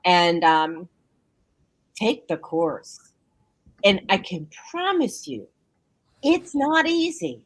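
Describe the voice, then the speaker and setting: Woman on a call-in show, fairly low voice, tells stories and acts out the quotes, dry close sound. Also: very slow, pauses often, dry recording, low-quality recording. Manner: animated storyteller, acts out quotes. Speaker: guest. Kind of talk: casual radio talk. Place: home bedroom.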